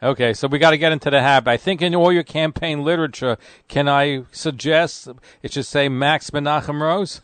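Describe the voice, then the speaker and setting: A man's voice: a little high, fairly quick, fairly bright tone, clean tone, no room sound. A man hosting a radio interview, friendly and jokey, telling anecdotes to his guest. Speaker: radio show host.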